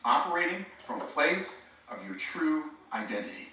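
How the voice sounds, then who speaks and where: A preacher gives a live teaching talk in a bright, forceful voice, chatting directly with his audience. The sound is very roomy. It is picked up from a distance. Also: a little high, big pitch swings, normal speed, slight background noise. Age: 60s. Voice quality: conversational, addresses the audience directly. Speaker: preacher and speaking coach.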